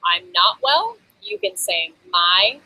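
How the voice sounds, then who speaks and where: A woman's voice: mid-range voice, very animated, normal speed, fairly bright tone, breathy edge, low-quality recording. A woman hosting a casual on-camera lesson on basic phrases, chatty, with frequent ums and laughs between phrases. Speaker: host teaching basic Thai phrases. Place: Bangkok.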